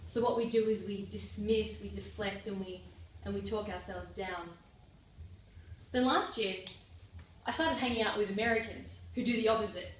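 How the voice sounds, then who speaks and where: A young woman giving a prepared club speech with lively, personal, lightly humorous delivery. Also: mid-range voice, moderate pace, slight background noise. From Australia. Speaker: club speaker. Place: meeting room. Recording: echoey room from far off.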